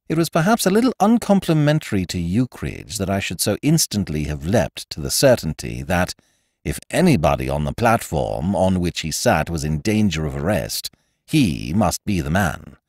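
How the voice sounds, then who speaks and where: A man and podcast host reading a classic comic story aloud in first person, with wry, expressive storytelling. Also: low-pitched, moderate pace, dry recording, clean studio sound. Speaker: audiobook narrator and podcast host. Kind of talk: scripted storybook narration.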